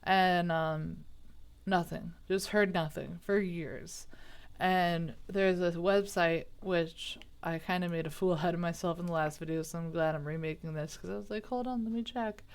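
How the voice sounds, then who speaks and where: A woman's voice: lowish voice, fairly even intonation, measured pace, smooth. A woman retelling a true crime story in a chatty, rambling way, with asides, self-corrections and indignant remarks. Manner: baffled, indignant.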